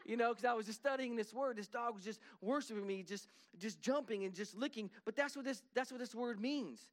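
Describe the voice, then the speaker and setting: A man's voice: very high-pitched, brisk. A man preaching a sermon in a church, telling folksy stories and acting out dogs and churchgoers. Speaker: pastor. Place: church sanctuary.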